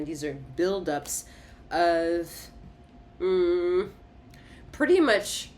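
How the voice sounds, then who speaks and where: A woman's voice: fairly low pitch, darkish tone, slight background noise. Emphatic woman giving a tarot reading. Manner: emphatic, repetitive, swears and laughs often. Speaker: tarot reader.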